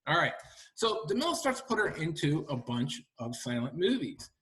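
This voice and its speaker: A middle-aged man, an author and historian, giving a lively library lecture to an audience, chatty and full of rhetorical questions. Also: fairly high pitch, normal speed. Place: library talk room.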